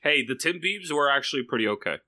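Podcast co-host dude, super bright voice, swings up and down a lot, cusses a bunch. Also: male voice, mid-range voice, fast. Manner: animated, swearing, laughing rants. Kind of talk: casual podcast chat.

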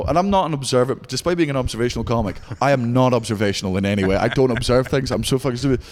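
A man's voice: medium pitch, big-room sound. Swearing Scottish comedian in his thirties. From Scotland. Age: 30s. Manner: profane, rapid storytelling. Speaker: stand-up comedian. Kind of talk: candid interview chat.

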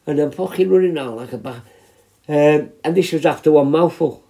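Speaking a little fast in a slightly high voice with a dark tone, a man in his 50s from prison healthcare tells rambling, sweary stories casually, often restarting.

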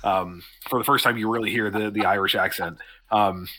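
A man's voice: fairly low pitch, steady tone, brisk, sharp tone. A man narrating a tabletop game as game master, loose and rambling, often laughing.

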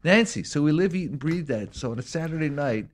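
A man co-hosting a casual talk show, rambling and excitable, with many restarts and repeated words. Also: a little high, a little fast, a little hiss or hum. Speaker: co-host.

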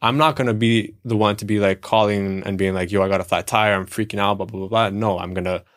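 Low-voiced man in reflective chat. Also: steady tone, fast talker, fairly bright tone. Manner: reflective, explains with examples. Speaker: podcast co-host. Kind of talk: casual chat.

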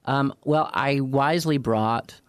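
A man's voice: mid-range voice, slow pace, clean tone, no echo. A man co-hosts a casual chat and tells stories with dry humor, often at his own expense. His voice sits in the middle of the male range. The recording is close and dry. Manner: dry, self-deprecating humor. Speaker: podcast co-host.

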